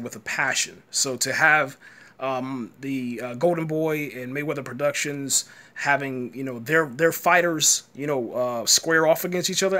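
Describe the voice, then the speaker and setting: A man's voice: mid-range voice, bright, forceful tone. A man giving a live, rambling reaction rant, frustrated and full of fillers like "man". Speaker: boxing commentator host.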